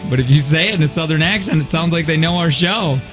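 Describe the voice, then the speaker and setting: A man's voice: fairly high pitch, quick pace, music in the background. A man co-hosting a radio show, rambling and mocking himself in casual studio banter. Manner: self-mocking, rambling and laughing.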